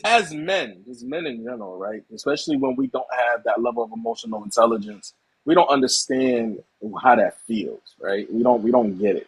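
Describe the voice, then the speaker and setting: A man's voice: lowish voice, vocal fry, husky, dry recording, poor audio. A man hosting a podcast in casual chat, talking emphatically with slang asides.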